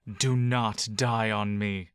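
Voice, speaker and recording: The audio drama narrator voicing a menacing, controlling male caregiver who talks in a low, slow, booming voice. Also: steady tone, smooth, no echo, studio quality. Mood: coaxing.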